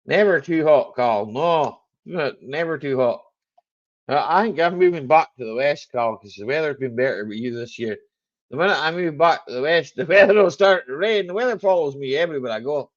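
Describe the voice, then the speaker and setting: Joking livestream host, slightly high voice. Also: male voice, animated, brisk, highs cut off. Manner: laughs often, joking, answers chat viewers. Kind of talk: casual live chat.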